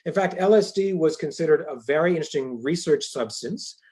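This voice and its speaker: A man's voice: a little high, expressive, fairly quick, darkish tone, husky. A male professor giving a university lecture in a conversational way, with dry humorous asides.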